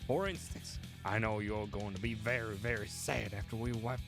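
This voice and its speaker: A man voicing a rowdy troublemaking male cur in a mixed Australian and British accent, gruff and swaggering. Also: on the low side, steady tone, normal speed, over music, natural voice. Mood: taunting.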